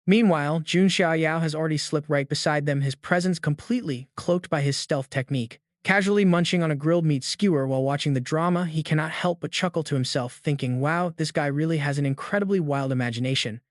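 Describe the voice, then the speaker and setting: A man narrates a manhwa recap in smooth, scripted storytelling. His voice sits a little high and stays even throughout. The sound is close and dry. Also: brisk, hardly any pauses, dry recording.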